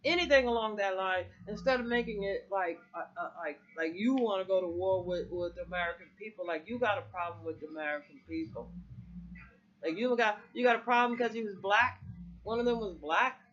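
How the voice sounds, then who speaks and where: A middle-aged woman delivers a casual, heated political rant to camera, rambling and swearing constantly. Her medium-pitched voice is a little fast and fairly bright, captured on a muffled lo-fi recording.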